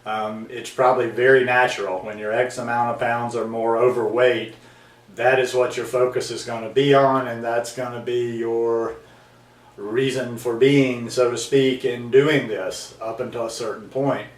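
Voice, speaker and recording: A man's voice: medium pitch, flat delivery, normal speed, roomy sound, distant mic. A man hosting his own video blog, talking earnestly to camera in a rambling way with many ums and restarts. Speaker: vlog host. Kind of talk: casual talking-to-camera monologue.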